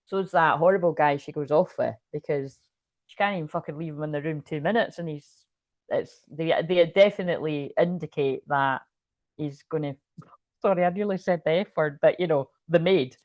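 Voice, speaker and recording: A woman's voice: deep voice, moderate pace, darkish tone, no room sound. Rambling, swearing woman tarot reader. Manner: rambling, swears freely, many fillers. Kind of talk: casual channeled reading.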